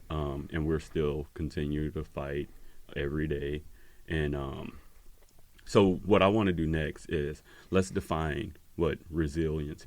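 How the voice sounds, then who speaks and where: A man hosts a casual podcast and speaks in an earnest, encouraging way, often pausing between thoughts. His voice is extremely deep, and the recording is dry and close. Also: darkish tone, dry recording. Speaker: podcast host.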